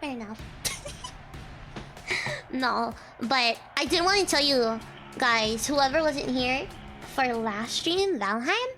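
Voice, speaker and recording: A woman's voice: sits high, lively intonation, takes it slowly, pauses often, bright, forceful tone, soft background music. A young woman VTuber streamer chatting casually with her audience, telling stories with frequent giggles.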